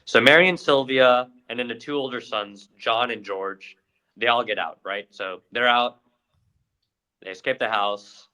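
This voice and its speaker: A young man co-hosting a podcast, recounting events with lively energy. His voice is bright and forceful. He tells the story casually and animated. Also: medium pitch, unhurried, smooth, poor audio. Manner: animated retelling with acted-out quotes. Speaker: podcast co-host.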